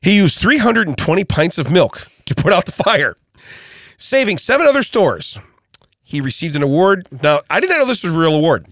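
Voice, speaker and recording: A man's voice: high voice, normal speed, no echo. An older man co-hosting a casual comedic podcast in a studio, telling stories and laughing often. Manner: animated storytelling, laughs often. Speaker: podcast co-host.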